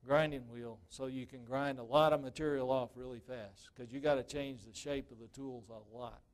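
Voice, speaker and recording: A man's voice: mid-range voice, steady tone, moderate pace. A man demonstrating woodturning to a club audience live, talking casually and checking in with "okay?" after nearly every point.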